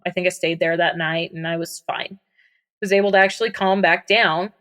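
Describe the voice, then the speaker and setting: A woman's voice: lowish voice, fairly even intonation, a little fast, a bit bright. A young woman guest on a podcast, candidly recounting a personal story in a casual way with many fillers.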